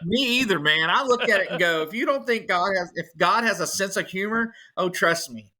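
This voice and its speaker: A man, a musician and podcast guest, telling his story in a casual, animated way. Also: high voice, brisk. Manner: animated, acts out other people's voices.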